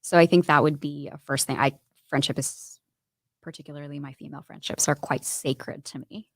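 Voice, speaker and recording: A woman guest on a studio podcast, talking in an earnest, candid way with lots of "like" and "right?" tags. Her voice sits low and has a gravelly fry. The sound is close and dry. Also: fairly even intonation, moderate pace, dry recording. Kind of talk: candid conversational interview.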